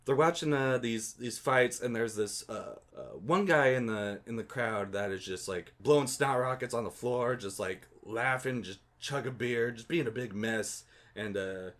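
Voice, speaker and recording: A man co-hosts a podcast in a mid-pitched voice. He talks loosely through a movie plot and keeps breaking into amused laughter. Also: moderate pace. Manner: laughs often while recapping, loose and amused. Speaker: podcast co-host. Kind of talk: casual movie recap chat.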